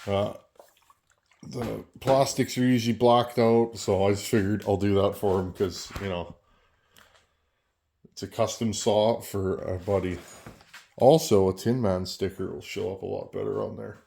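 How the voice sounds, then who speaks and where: A man's voice: lowish voice, vocal fry, a little mellow, slight background noise. Chatty man rambling in his workshop. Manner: chatty and rambling, talks while working with tools. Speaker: chainsaw channel host. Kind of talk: casual workshop vlog.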